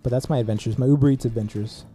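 A man's voice: mid-range voice, very fast, soft background music. A young man casually telling a rambling story on a podcast, full of "like" and "dude". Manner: rambling, animated storyteller with many "like"s. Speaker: podcast co-host.

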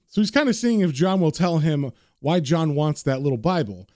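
A man's voice: fairly high pitch, lively intonation, moderate pace, few pauses, warm tone, no echo, clean studio sound. A man casually narrating a comic book, chatty and conversational, with frequent fillers.

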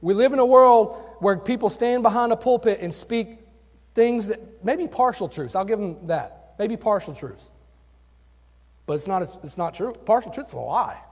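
A man's voice: sits high, expressive, moderate pace. A man preaching a sermon as a youth pastor, earnest and conversational, telling personal stories from the pulpit. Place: church sanctuary. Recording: long hall reverb.

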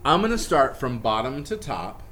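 A man in casual group chat, explaining barbershop singing with jokes and quick asides. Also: medium pitch, sing-song, fairly bright tone, a little hiss or hum. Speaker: comedian teaching barbershop singing.

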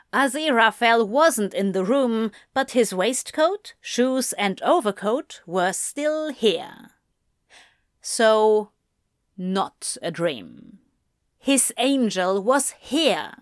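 Woman narrator, measured storytelling, slow unhurried pace, dry close sound. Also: a little high, a bit bright, dry recording. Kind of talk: audiobook fan fiction reading.

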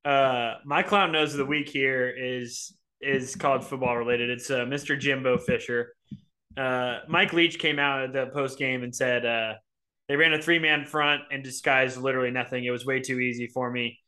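Bright-voiced man hosting a sports podcast. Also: mid-range voice, steady tone, normal speed. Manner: ranting, jokey, exasperated. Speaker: podcast host. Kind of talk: casual sports podcast chat.

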